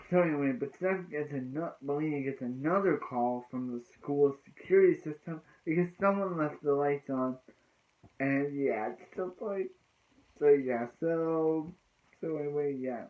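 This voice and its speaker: A TV episode reviewer casually recaps an episode, rambling, often restarting and plugging gaps with "so yeah" and "so anyway." His voice is a little high and unhurried, recorded with tinny, phone-like lo-fi sound.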